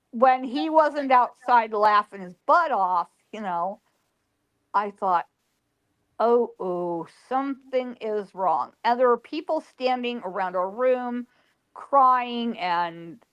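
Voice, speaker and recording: Psychic lady telling a past life story real slow, kinda high voice. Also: a bit bright, clear, resonant tone. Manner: emotional storyteller, quotes people in her story. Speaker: psychic guest.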